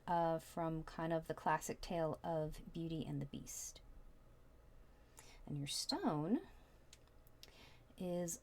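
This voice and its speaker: A woman's voice: fairly low pitch, a little mellow. A woman giving a casual tarot reading, chatty and prone to rambling. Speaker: tarot reader.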